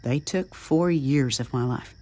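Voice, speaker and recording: A young man who was once a child soldier, still upbeat, speaks in a low, hushed voice, put on by a woman narrator. His lines sit deep and quiet in a dry, close recording. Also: unhurried, dry recording.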